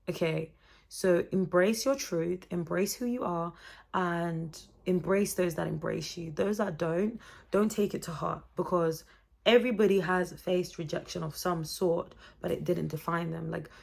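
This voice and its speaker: A young woman in her twenties talking to camera in a chatty, expressive vlog with motivational, faith-based encouragement. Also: fairly low pitch, vocal fry, husky. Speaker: vlogger.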